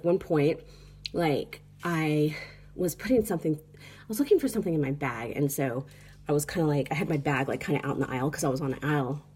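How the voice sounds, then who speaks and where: A woman's voice: deep voice, mellow, husky. A tired American woman chatting casually on her phone in a small apartment, rambling through a story with lots of "like" and "you know.". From United States. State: tired, sleep deprived. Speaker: vlogger. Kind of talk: casual travel vlog chat.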